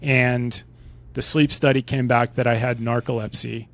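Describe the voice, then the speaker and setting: A man's voice: medium pitch, level tone, moderate pace, a bit bright. A man in his forties with an American accent, a podcast guest telling his story in a casual, conversational way, often checking in with "right?". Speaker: podcast guest, retired Army pilot.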